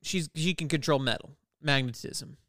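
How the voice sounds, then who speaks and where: A man's voice: fairly high pitch, moderate pace, pushed and bright, dry recording, studio quality. A man co-hosting a podcast, explaining comic backstory in casual chat and often correcting himself mid-sentence. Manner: rambling, self-correcting explainer. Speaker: podcast co-host, comics expert. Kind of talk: casual chat recapping an episode.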